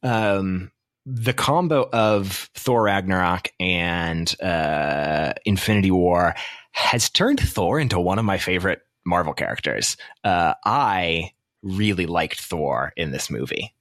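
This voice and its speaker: Young man, deep voice, casual podcast chat, rambling, fillers, dry close sound. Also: expressive, fairly bright tone, no echo. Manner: rambling, many fillers, quick asides. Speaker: podcast co-host. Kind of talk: casual movie review chat.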